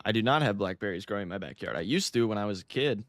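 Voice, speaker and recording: Male American streamer, slightly low voice, loose and jokey, fumbles words; dry booth-like sound. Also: lively intonation, very fast, fairly bright tone, no echo, faint music behind. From United States. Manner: laughing, cursing, stumbling over pronunciations. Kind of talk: casual live-stream chat.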